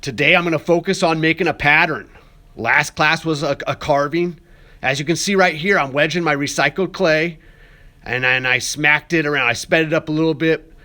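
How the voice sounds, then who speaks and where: A young man, an art student, talking casually through a how-to voice-over in a classroom, relaxed and chatty with joking asides and plenty of fillers. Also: fairly high pitch, normal speed.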